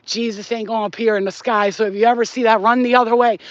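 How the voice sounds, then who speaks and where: A woman's voice: fairly high pitch, fairly even intonation, fast talker, no echo. Blunt, profane woman with dull lo-fi sound. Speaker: spiritual channel host. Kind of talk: casual spiritual talk to camera.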